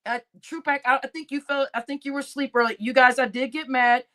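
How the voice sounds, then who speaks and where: Talking fast in a high-pitched voice, an adult woman runs a casual livestream. She reads comments with lots of laughter and swearing, animatedly chatting with "y'all" in the chat.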